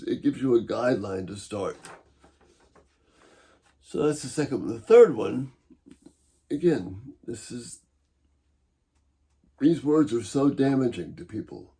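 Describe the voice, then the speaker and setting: A middle-aged man giving a calm, measured Bible-based teaching talk, gently persuasive as he walks through principles. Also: mid-range voice.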